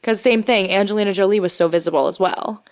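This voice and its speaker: A woman's voice: medium pitch, fast, a little mellow. A woman in her thirties co-hosting a podcast, chatting casually and rambling, often laughing. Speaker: podcast co-host. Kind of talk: casual chat.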